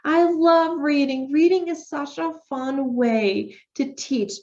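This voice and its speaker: A young woman, a speech language pathologist, giving a lecture on reading with children, animated and modeling child talk in a sing-song voice. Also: high-pitched, slow, muffled recording.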